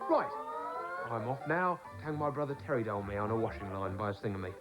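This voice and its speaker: A man doing a cheeky, hurried cheat expert. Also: lively intonation, close to an everyday voice. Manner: hurried and cheeky, with sudden high squeals. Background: music.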